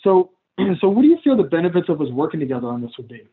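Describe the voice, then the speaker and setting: This coach trainer's slightly high voice races along, very animated, as he explains coaching skills over a video call. He keeps it casual and chatty, pokes fun at himself, and plays out conversations with clients, all through thin, phone-like sound.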